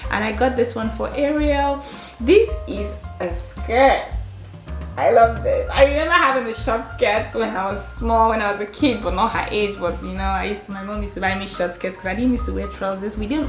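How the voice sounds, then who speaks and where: Chatty mom, roomy sound. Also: female voice, mid-range voice. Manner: chatty and gushing, laughing often. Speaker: mother and vlogger. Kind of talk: casual clothing haul chat. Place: her home. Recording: roomy sound with faint music.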